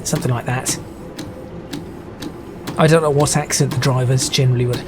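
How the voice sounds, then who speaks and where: A chatty man commentating over a train game, stopping and restarting his sentences as he goes. His voice sits mid-range, with a steady rumble of train noise underneath. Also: moderate pace. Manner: chatty, stop-start, self-correcting. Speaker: gaming video host. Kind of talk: casual gameplay commentary. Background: train sim game noise.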